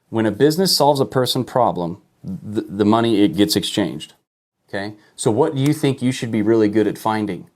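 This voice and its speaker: A man's voice: lowish voice, darkish tone. Emphatic man coaching with rhetorical questions. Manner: emphatic, rhetorical questions, frequent "okay?" and "look at this". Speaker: online business coach. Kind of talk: live-streamed marketing lesson.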